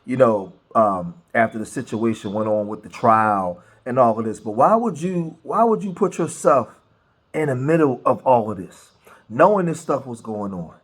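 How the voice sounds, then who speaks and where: A man hosting a casual commentary, talking in an animated way, restarting phrases and asking rhetorical questions. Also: mid-range voice, normal speed, breathy edge. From grew up in a rough city neighborhood. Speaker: commentary host.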